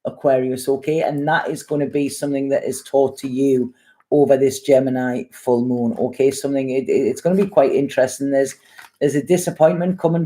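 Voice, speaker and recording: This tarot reader is a woman with a deep, mellow voice. She rambles and chats through her readings and doesn't hold back on blunt swearing.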